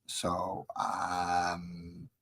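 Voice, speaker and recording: Low husky man chatting while painting. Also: monotone, extremely slow, fairly bright tone. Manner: rambling, easily distracted, chatty. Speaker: hobby painting streamer. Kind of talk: casual live-stream chat while painting.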